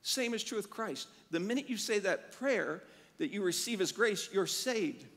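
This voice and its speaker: A man preaching a sermon as pastor, telling animated stories and acting out the quotes in them. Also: high voice, normal speed, long reverb tail. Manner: animated storytelling with acted-out quotes. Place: church sanctuary.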